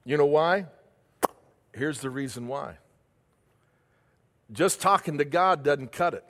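A man's voice: fairly high pitch, takes it slowly, pauses often, a bit bright, long reverb tail. A male pastor preaching a sermon, asking the congregation questions and answering them himself.

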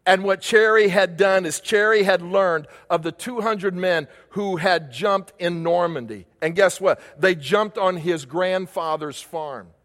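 A man's voice: sits high, measured pace, few pauses, fairly bright tone. An older man preaching a sermon as a pastor, emphatic, repeating key phrases and asking rhetorical questions. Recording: long reverb of a large hall.

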